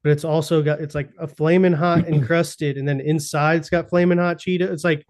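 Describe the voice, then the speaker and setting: A man's voice: fairly high pitch, little pitch movement, a little fast, a little mellow. A young man co-hosting a podcast, trading sarcastic, profane jokes in casual chat. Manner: sarcastic, joking, swears often. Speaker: podcast co-host.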